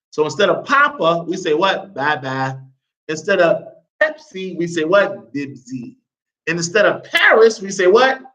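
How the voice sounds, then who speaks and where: A man teaching a grammar class, leading the room through call-and-response and tossing in the odd joke. His voice is on the high side and bright, with a pitch that jumps around a lot. The recording is dull and lo-fi. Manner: drills the class with call-and-response, keeps asking "what?"; joking asides. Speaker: Arabic teacher.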